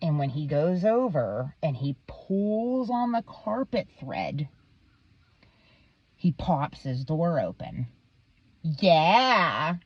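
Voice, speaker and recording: Heated, foul-mouthed woman ranting. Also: fairly low pitch. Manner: heated, swears constantly. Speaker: vlogger. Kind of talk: profane ranting monologue. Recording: dull, dry lo-fi recording.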